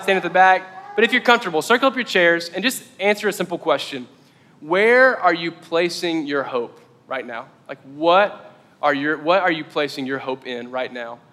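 Bright-voiced pastor in an echoey hall. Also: male voice, on the high side, expressive, moderate pace. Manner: casual and chatty, heavy with "like". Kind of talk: conversational sermon.

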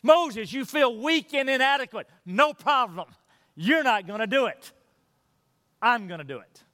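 A man's voice: extremely high pitch, animated, a little slow, pushed and bright, big-room sound, pitched above the performer's own voice, heavily acted. A man preaching acts out God reassuring Moses and brushing off each of his fears in a lifted, buoyant voice.

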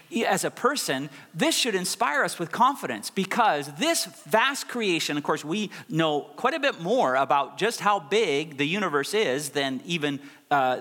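A man's voice: fairly high pitch, bright, forceful tone. A middle-aged male pastor preaching a sermon, stressing and repeating key phrases for effect. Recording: long reverb of a large hall.

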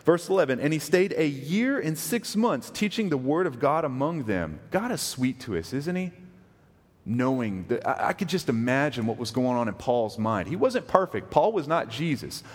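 Man, pastor, conversational sermon, mid pitch, long hall echo. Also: sing-song, normal speed. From West Texas. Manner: conversational, asks the congregation questions.

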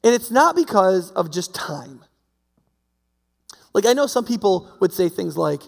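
High, gravelly-voiced preacher in a big hall. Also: male voice, lively intonation, normal speed. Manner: conversational, full of fillers and rhetorical questions. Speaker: pastor. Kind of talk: sermon.

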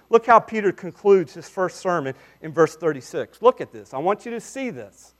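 Male pastor, high voice, emphatic sermon delivery, quiet asides then loud declarations. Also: lively intonation, moderate pace, few pauses. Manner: emphatic preaching, swings between hushed asides and forceful declarations.

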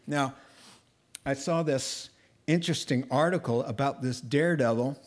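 A man preaching a sermon as a pastor, telling the story in a lively, conversational way and joking with his congregation. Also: normal speed. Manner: animated storytelling, voicing characters with a rising pitch.

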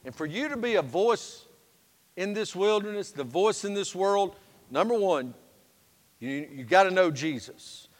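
A man preaching a sermon as pastor, folksy and humorous, moving between loud and hushed passages. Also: sits high, lively intonation, measured pace. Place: church sanctuary. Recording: long reverb of a church sanctuary.

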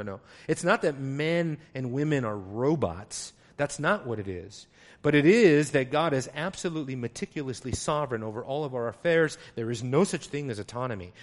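A man preaching an expository sermon, emphatic and rising to loud exclamations as he reads scripture. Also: mid-range voice.

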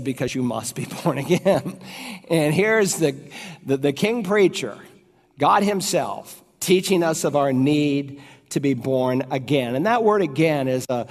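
A man preaching a sermon as pastor, earnest and emphatic, slowing down to stress key phrases. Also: mid-range voice, a little mellow, long reverb tail.

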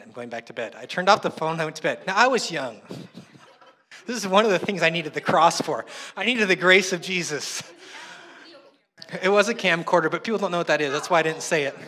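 High, bright-voiced male pastor in a big hall. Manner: chatty, self-mocking storytelling. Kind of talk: sermon. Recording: long hall reverb.

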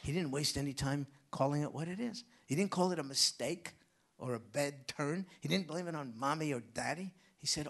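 A man preaching a sermon, swinging from loud emphatic bursts to hushed whispers. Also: a little high, normal speed, gravelly, husky.

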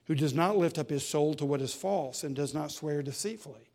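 A male pastor preaching a sermon in a church, emphatic and building to loud peaks. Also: fairly high pitch, a little fast.

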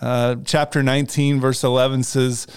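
A man's voice: mid-range voice, flat delivery, moderate pace, clear, resonant tone. A man telling a personal faith story in a casual conversation, earnest, with frequent restarts.

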